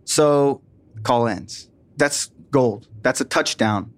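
Male podcast storyteller, animated, acts out quotes, dry close mic. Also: medium pitch, slow, no room sound. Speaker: former police detective recounting a case.

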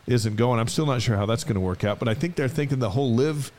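Man, co-host, relaxed, reads dates and notes, casual sports chat. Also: mid-range voice, quick pace.

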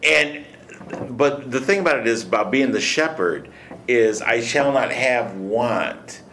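A man's voice: medium pitch, lively intonation, unhurried, fairly bright tone, slight background noise. An older man hosting a casual men's Bible study discussion, talking in a reflective, folksy way. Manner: reflective, folksy, thinks aloud.

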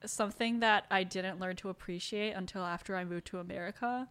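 A woman's voice: medium pitch, fairly even intonation, brisk, a bit bright, clean tone. A woman in her twenties from Iceland, chatting casually as a podcast co-host. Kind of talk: casual chat.

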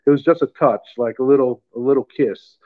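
A middle-aged man tells a personal story in an unhurried, halting way. He repeats words and sounds close to tears. The sound is thin and tinny, like a phone line. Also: mid-range voice. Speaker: guest telling his faith story. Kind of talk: casual storytelling.

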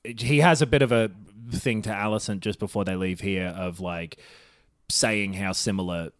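A man's voice: on the low side, fairly even intonation, moderate pace, dry recording, studio quality. A man in casual podcast chat, recapping a TV episode in a laid-back, swearing way with fillers. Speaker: podcast co-host.

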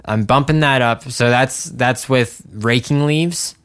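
A man co-hosting a casual podcast at an ordinary, mid pitch. He rambles through his thoughts in a joking, self-mocking way. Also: takes it slowly, a bit bright, clean tone. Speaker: podcast co-host. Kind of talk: casual chat.

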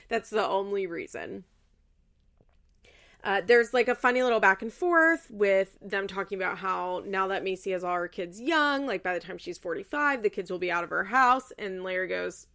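A woman's voice: medium pitch, gravelly, a bit bright. A woman host chatting casually in a recap, chatty and loose with fillers and the odd swear word.

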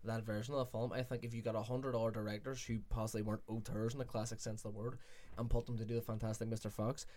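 A man's voice: fairly low pitch, level tone, quick pace, dark tone. Rambling man talking film theory. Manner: rambling, reflective, self-correcting. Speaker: podcast co-host. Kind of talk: casual film chat.

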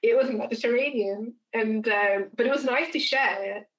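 A woman's voice: on the high side, normal speed, poor audio. A woman hosting a podcast, telling personal stories in casual chat with frequent laughs. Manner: animated storyteller, laughs often. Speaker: podcast host.

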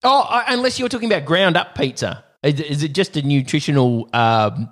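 A man's voice: fairly high pitch, expressive, fairly quick. A man hosting a podcast in casual chat, playful and jokey. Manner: playful, jokey, mock-stern with kids. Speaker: podcast host.

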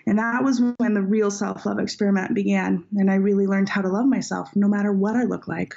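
A woman speaking with a gravelly, creaky edge at a middle pitch, sharing her story candidly and earnestly. The audio is dull and lo-fi. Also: fairly even intonation, a little fast, a little mellow. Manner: reflective, heartfelt, earnest. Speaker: author being interviewed.

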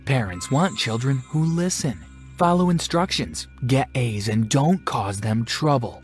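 A man voicing a stern, calm, scheming female school principal who talks in a cold, measured, threatening way, in a storybook reading. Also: mid-range voice, slightly rough, soft background music, pitched above the performer's own voice. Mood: calm menace.

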